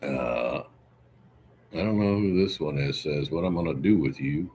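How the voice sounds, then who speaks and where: A man's voice: very deep voice, lively intonation, unhurried, darkish tone, slight background noise. A man hosting a casual livestream, rambling through chat questions and answering them one by one. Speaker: livestream host.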